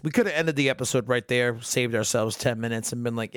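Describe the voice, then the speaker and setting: A man's voice: mid-range voice, brisk, fairly bright tone, dry recording. A young adult man hosting a casual solo recap podcast, sarcastic and full of swearing and jokes. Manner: profane, sarcastic, jokey. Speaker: podcast host.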